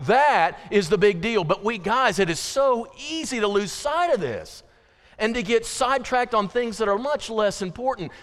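A man's voice: high-pitched, fairly bright tone, clear, resonant tone, big-room sound. A man preaching a sermon to his congregation, urgent and emphatic, repeating phrases and speaking straight to the listeners. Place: church sanctuary.

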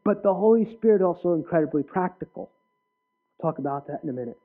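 A male preacher giving an earnest personal testimony in a sermon, with sudden loud bursts. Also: high-pitched, animated, quick pace. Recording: tinny phone-like sound.

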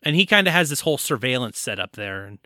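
A man's voice: mid-range voice, sing-song, fast talker, pushed and bright, no room sound, clean studio sound. A man co-hosting a casual movie review podcast, enthusiastically recapping the plot. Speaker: podcast co-host.

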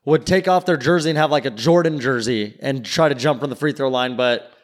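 A man co-hosting a sports podcast in casual chat, rambling and packing his talk with "like". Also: medium pitch. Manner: rapid, rambling, fills with "like". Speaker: podcast co-host.

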